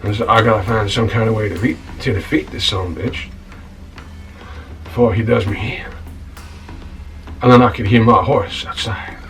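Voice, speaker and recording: A man's voice: lowish voice, steady tone, normal speed, pauses often, a bit bright, recorded from a distance, low-quality recording. A man playing a rambling, put-upon scoundrel barkeep. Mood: indignant. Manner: rambling, indignant storytelling with stammered restarts, calling the listener "son". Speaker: title character of a comedy-drama web series. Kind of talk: comic monologue. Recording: voice a bit off-mic, with music behind.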